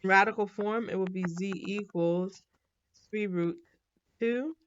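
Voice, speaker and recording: A woman teaching a math lesson in a casual, relaxed way, thinking aloud and correcting herself as she works through problems. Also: medium pitch, unhurried, muffled recording, slight background noise.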